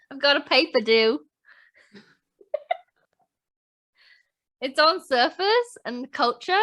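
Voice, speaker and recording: A woman's voice: high voice, pushed and bright, heavily acted. A woman doing an impression of a cheery young Australian university student, speaking in a put-on Australian accent and giggling between lines.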